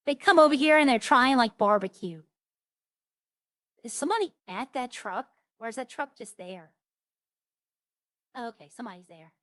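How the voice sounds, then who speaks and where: A woman's voice: on the high side, expressive, normal speed, pauses often, a bit bright, no room sound. A woman chatting casually on a roleplay stream, rambling through funny stories and imitating the people she quotes.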